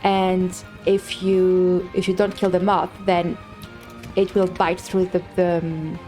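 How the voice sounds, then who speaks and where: A woman's voice: lowish voice, level tone, slow pace, dark tone, soft background music. A woman streaming a game live, chatting casually and thinking aloud, rambling with many fillers and restarts. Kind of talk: casual live-stream chat while gaming.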